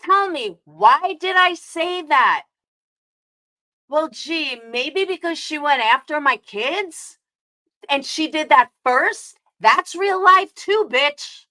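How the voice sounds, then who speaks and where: Bright-voiced, heated New York woman ranting. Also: sits high, animated, slow. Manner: heated, profane, confrontational, answering chat. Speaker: streamer. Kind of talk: angry live-stream rant.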